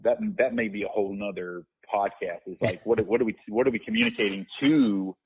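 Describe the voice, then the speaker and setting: A low-voiced man with a husky edge tells a story, circling back on himself with restarts and fillers. He sounds reflective and unhurried. The audio is thin and tinny, like a phone line. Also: steady tone. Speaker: guest minister. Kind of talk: conversational podcast interview.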